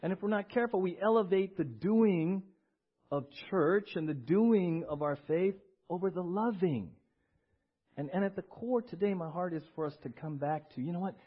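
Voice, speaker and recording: A man preaching a sermon as pastor in a church, animated, acting out little voices and asking the congregation questions. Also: high voice, husky, highs cut off. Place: church sanctuary.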